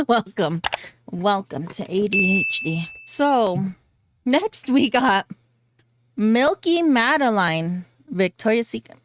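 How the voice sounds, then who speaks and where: A woman's voice: mid-range voice, animated, slow, noisy background. A woman vlogger chatting casually through a fragrance haul, giggly and chatty with goofy asides. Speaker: beauty vlogger.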